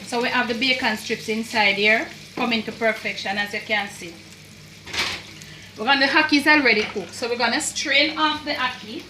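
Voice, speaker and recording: A woman's voice: fairly high pitch, moderate pace, noisy background. A Jamaican woman doing a casual cooking demonstration in her home kitchen, chatty and repetitive, with creole words mixed in. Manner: chatty, repeats phrases, mixes in Jamaican creole. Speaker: home cook. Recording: echoey kitchen, far from mic, sizzling pan. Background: frying and sizzling.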